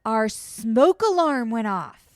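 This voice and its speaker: A woman co-hosts a home podcast with a slightly high, smooth, clear voice. She chats animatedly and pads her sentences with fillers. The sound is dry and close. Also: slow pace, dry recording. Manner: chatty, animated, lots of fillers. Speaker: podcast co-host. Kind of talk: casual chat. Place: home, indoors.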